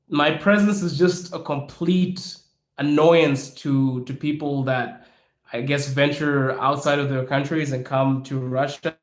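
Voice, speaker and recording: A young man from Africa talks frankly and with animation, answering questions on his podcast. His voice sits a little high for a man, and he laughs often. The room around him is echoey. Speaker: podcast host. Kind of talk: casual Q&A talk.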